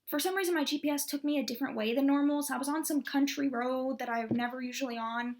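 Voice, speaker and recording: Gravelly-voiced young woman telling her story. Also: high-pitched, steady tone, fast talker, darkish tone. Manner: candid, rambling, heavy use of "like". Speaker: vlogger. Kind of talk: personal story vlog.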